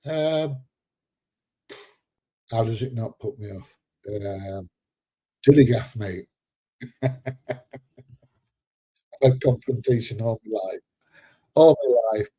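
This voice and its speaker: A man's voice: lowish voice, slow, pauses often, dark tone, husky, no room sound. A man of seventy, chatting casually on a live stream, joking and laughing as he reads out viewer comments, a little congested. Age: 70s. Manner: chatty and joking, laughs often, drops into slang. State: a bit congested.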